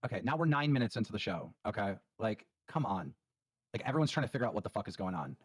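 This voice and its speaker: A man's voice: fairly low pitch, sing-song, fast, slightly rough, dry recording. A man hosting a livestream show, talking bluntly and emphatically with plenty of profanity. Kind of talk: livestream commentary.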